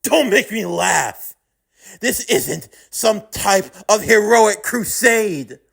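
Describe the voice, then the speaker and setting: A man's voice: high voice, lively intonation, takes it slowly, vocal fry, fairly bright tone, husky, voice pushed up, heavily acted. A man voicing a sadistic male curse villain in a fan-made audio drama, taunting in a mocking, sing-song way. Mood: menacing.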